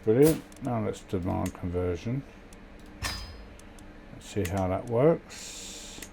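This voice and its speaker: A man's voice: lowish voice, animated, takes it slowly, vocal fry, background noise. A man casually commentating a strategy game, sleepy and yawning, reading event text aloud with wry muttered asides. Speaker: gameplay commentator.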